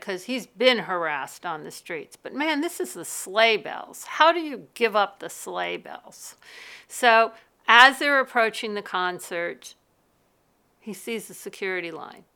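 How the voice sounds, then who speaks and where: A woman film producer telling a movie pitch as a story, vivid and dramatic, with big swings in loudness. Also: creaky, smooth. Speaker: film producer and school director.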